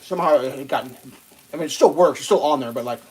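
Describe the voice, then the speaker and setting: A man's voice: medium pitch, quick pace, a little mellow, husky. Casual, swearing man telling a long story. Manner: swears freely, acts out quotes in a raised voice. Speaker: live streamer. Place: home kitchen while cooking.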